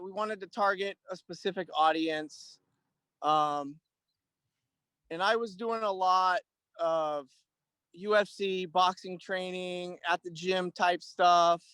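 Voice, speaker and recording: A man's voice: high-pitched, clear, resonant tone, no echo. A man in his thirties, a guest and Army veteran, talking casually in an interview with frequent fillers and restarts. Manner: relaxed, rambling, many "um"s and restarts. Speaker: guest, Army veteran and clothing-line owner.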